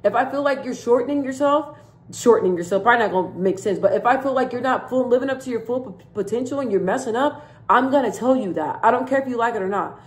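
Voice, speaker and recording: A woman's voice: a little high, fast. A woman talking straight to camera in a casual vlog about relationships, outspoken and blunt, repeating her points for emphasis. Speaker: vlogger giving life advice. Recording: echoey room.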